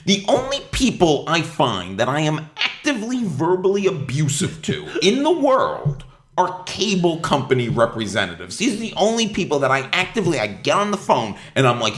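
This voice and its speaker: A man's voice: a little high, normal speed. A man hosting a podcast, telling a comic story about fighting with his cable company. He swears a lot and acts out both sides of the phone calls. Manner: animated ranting, swearing, mimicking phone reps. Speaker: podcast host. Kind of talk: casual comedic storytelling. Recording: echoey room.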